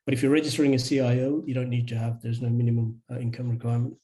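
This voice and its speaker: A man answering questions on a webinar video call, measured and hesitant with many fillers. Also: mid-range voice, little pitch movement, dark tone, rough recording. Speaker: charity registration advisor.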